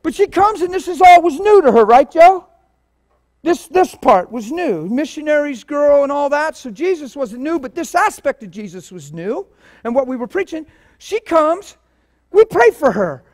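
A man with a very high voice preaches a sermon in a church at a moderate pace. He tells his stories with animation, swinging between quiet talk and loud bursts.

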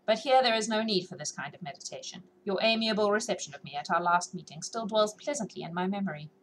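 A woman's voice: mid-range voice, expressive, fast, slight background noise, lightly acted, rough recording. A woman reading as a witty, mischievous noblewoman. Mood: arch. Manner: light, arch, poised.

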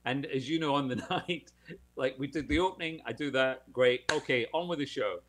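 A man's voice: mid-range voice, normal speed, background noise. A British man telling a showbiz anecdote in casual podcast chat, acting out the voices of people in his story. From United Kingdom.

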